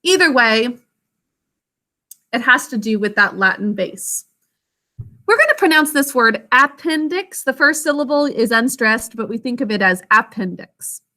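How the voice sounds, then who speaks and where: A woman teaching a literacy lesson to young children, patient and encouraging, drawing words out slowly to sound out each syllable. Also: a little high, lively intonation, sharp tone. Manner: encouraging, praises students by name. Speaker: elementary school teacher.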